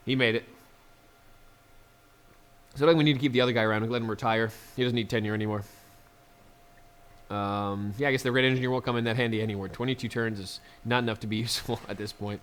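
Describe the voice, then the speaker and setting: A man's voice: medium pitch, fast talker. A man casually commenting on his strategy game, chatty and laughing often, talking to the units on screen. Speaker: let's play gamer.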